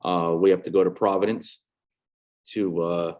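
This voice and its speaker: Low-voiced, earnest man with halting speech. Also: fairly even intonation, darkish tone. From New England, USA. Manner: earnest, halting with restarts and repeated words. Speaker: guest artist and educator. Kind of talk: casual interview chat.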